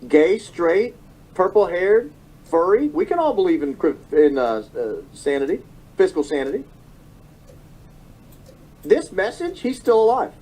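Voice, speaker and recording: A man's voice: high voice, big pitch swings, moderate pace, mellow, rough recording. A man in his thirties giving an emotional political monologue, often repeating phrases and correcting himself. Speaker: political commentator. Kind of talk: monologue commentary.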